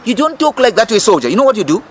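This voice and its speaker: A man's voice: sits high, very animated, racing, a little hiss or hum. A middle-aged Zimbabwean man with a Zimbabwean accent, a political campaign leader giving a fiery, emphatic, rhetorical interview. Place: outdoor restaurant in city gardens.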